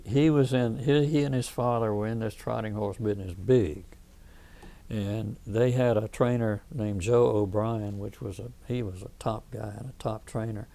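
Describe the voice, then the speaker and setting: Gravelly and mellow, this fairly low-pitched voice belongs to a Southern US veteran in his eighties. Interviewed for an oral history, he tells rambling stories and frequently starts sentences over.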